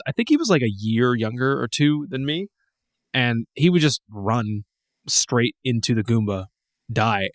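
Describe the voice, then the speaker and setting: Lively, rambling podcast host, man. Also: medium pitch, dry recording, studio quality. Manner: rambling, laughing, swearing, many restarts. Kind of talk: casual podcast chat.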